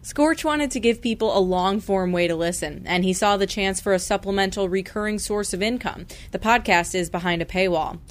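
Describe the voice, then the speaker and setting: A woman radio reporter in scripted news narration, clear and measured. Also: mid-range voice.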